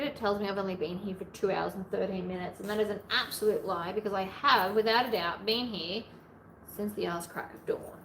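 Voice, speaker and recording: A woman hosting a long sewing livestream in casual chat, playfully narrating each step aloud, her voice a little hoarse from hours of talking. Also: medium pitch. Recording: echoey room, faint background noise.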